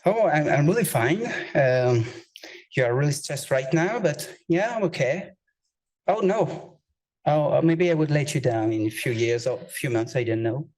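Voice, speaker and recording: A man putting on a chatty talking heart, high and casual. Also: normal speed, a little mellow, close to an everyday voice, low-quality recording. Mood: casual, worried. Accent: French. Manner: laid-back, blunt, slightly teasing.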